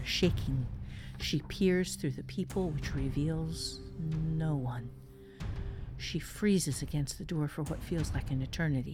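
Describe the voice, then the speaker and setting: A woman narrating a spooky story in a suspenseful, measured way. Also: low-pitched, a little mellow.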